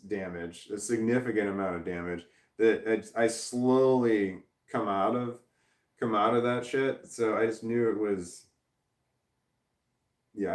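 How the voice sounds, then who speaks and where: Man streamer, low voice, off-mic in an echoey room, halting, rambling chat reader. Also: distant mic. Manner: rambling, halting, frequent restarts. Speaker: livestreamer reading chat. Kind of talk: casual livestream chat. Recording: roomy, off-mic sound.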